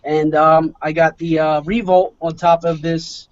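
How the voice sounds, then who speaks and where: A man's voice: on the high side, level tone, measured pace. A man with a South Philly accent hosting a podcast in casual chat, crude and laughing a lot. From Philadelphia, USA. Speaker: podcast host. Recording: muffled lo-fi with faint hiss.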